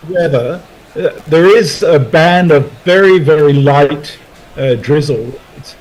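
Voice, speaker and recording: A fairly high-voiced man giving cricket commentary, measured and halting with many small pauses. He weighs his words carefully. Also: low-quality recording. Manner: measured, hesitant. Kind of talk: casual cricket commentary chat.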